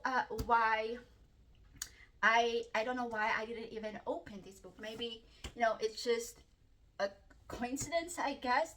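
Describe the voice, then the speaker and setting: Excitable woman unboxing books, slow-paced. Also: a little high, recorded from a distance, slight background noise. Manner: chatty and excitable, many fillers and gasps. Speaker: book vlogger. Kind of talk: casual unboxing vlog.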